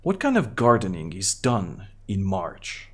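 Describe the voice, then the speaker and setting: A man with a Bulgarian accent streaming a game, reading its text aloud and adding quick, half-joking asides. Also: low voice, huge pitch swings, fairly bright tone, slight background noise. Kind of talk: live gameplay commentary, reading game text.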